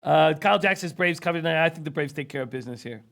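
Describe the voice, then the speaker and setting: High-pitched man losing his voice. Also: racing, vocal fry, fairly bright tone. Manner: reads viewer comments, rattles off stats. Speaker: sports betting show host. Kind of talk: casual sports betting talk.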